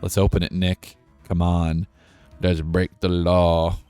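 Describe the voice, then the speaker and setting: A man's voice: sits low, flat delivery, slow pace, dark tone, smooth, soft background music. A man doing an eager young woman. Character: eager young female assistant, mischievous.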